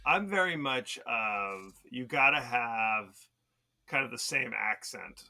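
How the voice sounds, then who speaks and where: A man's voice: mid-range voice, expressive, takes it slowly, creaky, sharp tone. A man co-hosting a podcast in casual chat, talkative and leading the segments, laughing often. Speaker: podcast co-host.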